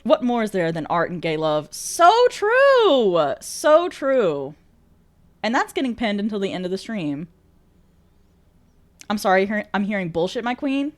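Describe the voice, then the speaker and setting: A woman's voice: medium pitch, big pitch swings, moderate pace, long pauses. A woman streamer chatting casually with viewers, bubbly, laughing often and swearing freely. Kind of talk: casual chat reading viewer messages.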